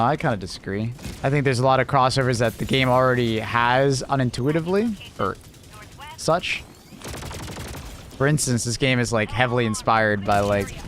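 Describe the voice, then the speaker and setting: A man's voice: medium pitch, fairly bright tone, a little hiss or hum. A man casually chatting with his viewers on a gaming livestream, laughing often and answering chat.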